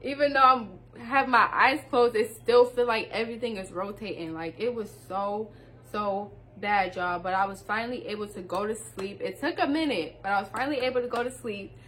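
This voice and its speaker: A young woman, telling a story to her viewers in a casual vlog, animated and laughing as she talks. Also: mid-range voice, normal speed, slight background noise.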